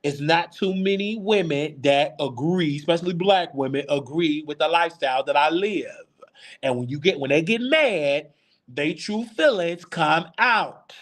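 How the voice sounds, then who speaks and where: Speaking a little slowly, this man's slightly high voice stays animated. He's in his thirties and hosting a live Q&A, candidly confiding stories from his own life.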